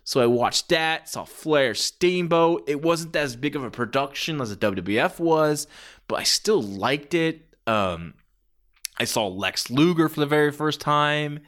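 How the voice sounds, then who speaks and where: A man's voice: on the high side, expressive, measured pace, a bit bright. A man in his forties hosting a podcast, telling stories in a rambling, enthusiastic way with lots of fillers. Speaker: podcast host. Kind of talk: casual podcast monologue.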